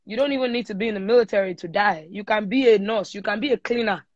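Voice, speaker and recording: A young woman with a Nigerian accent tells her story in a relaxed interview, dropping into pidgin as she goes. She speaks into a phone on a live stream, so the audio sounds muffled and lo-fi. The room is dead, with no echo. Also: medium pitch, fast talker. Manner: lively storyteller mixing in pidgin. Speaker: singer guest. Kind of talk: casual interview chat. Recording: dull lo-fi livestream audio.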